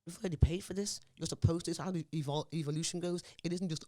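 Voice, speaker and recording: Scouse woman in her forties, interview guest, rapid and emphatic, keeps checking the listener follows. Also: on the low side, steady tone, warm tone. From Liverpool, England. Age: 40s. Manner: emphatic, forthright, often asks "you understand me?". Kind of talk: impassioned interview talk.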